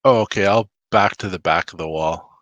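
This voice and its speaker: A man's voice: low voice, fairly quick, fairly bright tone, dry recording, highs cut off. A man playing a tabletop game, unsure of the rules and asking about them. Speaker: player.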